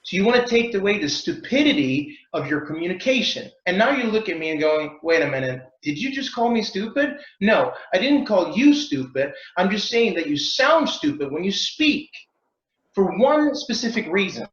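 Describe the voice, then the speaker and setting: Animated man, roomy lo-fi sound. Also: high voice, normal speed. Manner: lively, playful, acts out mock accents and sounds. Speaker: communication expert guest. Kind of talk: animated interview answers.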